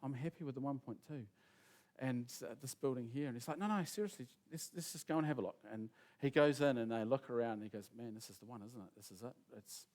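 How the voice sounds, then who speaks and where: A man's voice: medium pitch, fast talker, darkish tone. A man preaching, telling a long, rambling anecdote and acting out the voices of the people in it. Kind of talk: sermon storytelling.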